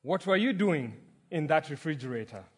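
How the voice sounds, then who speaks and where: A man voicing a calm, reassuring old gatekeeper at heaven's gates in a sermon joke. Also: fairly high pitch, normal speed, husky.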